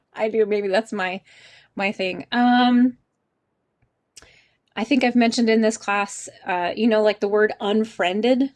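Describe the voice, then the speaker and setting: A chatty woman teaches an online English class over a video call mic. She laughs easily and keeps asking her students questions. Her voice sits at an ordinary middle pitch. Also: takes it slowly, long pauses.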